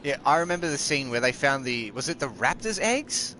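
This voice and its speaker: A man's voice: mid-range voice, very animated, brisk, pushed and bright, a little hiss or hum. A man, chatting casually and rambling while live-streaming a game at home. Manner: rambling, chatty, talks aside to family.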